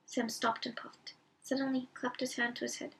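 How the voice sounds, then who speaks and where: A woman reading a bedtime story aloud in a calm, unhurried way. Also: on the high side, breathy edge. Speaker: reader. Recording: voice from a distance.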